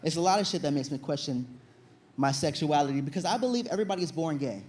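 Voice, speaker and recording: High-voiced young man doing stand-up. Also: fast, background noise. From Virginia, USA. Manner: animated storytelling, loud acted-out shouts. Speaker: stand-up comedian. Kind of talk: stand-up comedy performance. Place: comedy stage before an audience.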